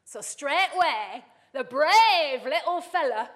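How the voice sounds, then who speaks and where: A woman voicing an old northern nana, reciting a comic poem slowly and dramatically in a put-on Wigan accent. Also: sits high, animated, a bit bright, big-room sound, voice pushed up, full character voice. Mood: hammy storytelling. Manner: slow, sing-song dramatic recitation.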